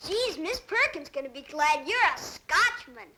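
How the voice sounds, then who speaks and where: A woman voicing a mischievous, pushy little boy in a cartoon, with a high, chirpy child voice. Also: sing-song, moderate pace, sharp tone, heavily acted. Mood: eager. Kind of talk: cartoon voice acting. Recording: noisy old TV audio.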